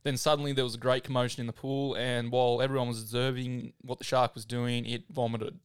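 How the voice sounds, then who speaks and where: An Australian man hosting a podcast, retelling a true story in a relaxed way, full of "like". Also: mid-range voice, fast talker, clean tone, dry recording, clean studio sound. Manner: relaxed, filler-heavy retelling with "like". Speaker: podcast host. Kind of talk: casual storytelling.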